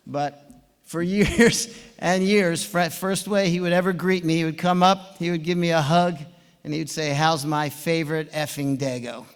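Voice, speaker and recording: An animated older man in his seventies spins anecdotes in a fairly high voice, chuckling as he goes. His speech sounds from a large conference hall with a long reverb trailing each phrase. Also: normal speed, clear, resonant tone. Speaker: swim coach giving induction speech.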